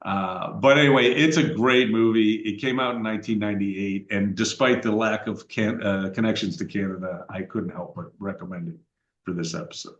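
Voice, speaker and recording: Middle-aged male podcast host, somewhat low voice, relaxed rambling delivery, echoey room. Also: moderate pace, dull audio. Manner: rambling, conversational, frequent uh fillers and restarts. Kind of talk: casual podcast chat.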